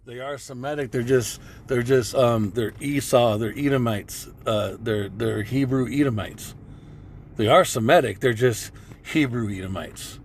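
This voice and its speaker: A man's voice: mid-range voice, a little slow, slight background noise. A man giving profane religious commentary over video clips, reading scripture and repeating phrases like a preacher.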